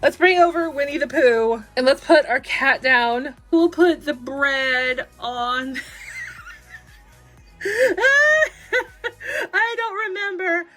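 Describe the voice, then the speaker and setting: A young woman chatting excitedly through a toy unboxing, gushing and giggling often. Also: high-pitched, takes it slowly, few pauses, soft background music.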